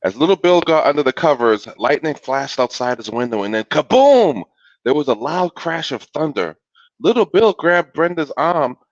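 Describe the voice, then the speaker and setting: Animated man reading a storybook aloud. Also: on the high side, normal speed, dry recording. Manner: animated and laughing. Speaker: guest reader. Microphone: video call. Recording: dull lo-fi video call audio.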